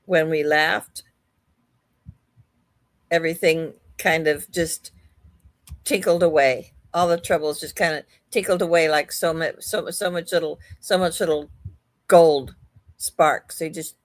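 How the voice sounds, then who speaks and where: A woman medium giving a live psychic reading in a slow, hesitant, gentle manner. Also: deep voice, steady tone, no room sound.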